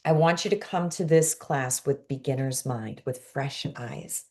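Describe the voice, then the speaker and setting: A middle-aged woman with a Brooklyn accent teaching an online class, energetic and expressive, sometimes dropping to a hush for emphasis. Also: extremely low pitch, a little slow. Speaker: creativity coach.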